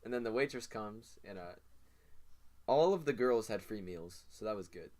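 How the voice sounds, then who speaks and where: A man's voice: fairly low pitch, lively intonation, normal speed, darkish tone. Rambling teenage guy telling a story. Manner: rambling storyteller with many fillers. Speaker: podcast co-host. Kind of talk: casual chat.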